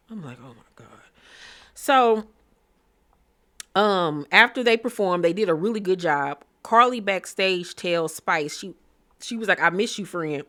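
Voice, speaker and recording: Woman, low-ish voice, sassy casual TV recapper, blunt opinions. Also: fairly bright tone. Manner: sassy, blunt, quotes cast members mid-story. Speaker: recap vlogger.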